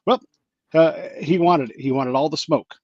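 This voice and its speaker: A man's voice: measured pace, dry recording, lo-fi sound. A man hosting a podcast, telling stories in casual chat and acting out the people in them. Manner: animated, acts out quoted people with big pitch jumps. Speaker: podcast host.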